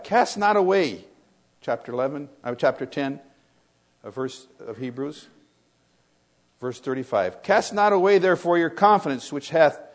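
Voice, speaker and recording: An older man preaching a sermon, telling stories that swing from loud, excited retellings to quiet reflection. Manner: storytelling, rises loud and high in excitement, drops to soft and low when reflective.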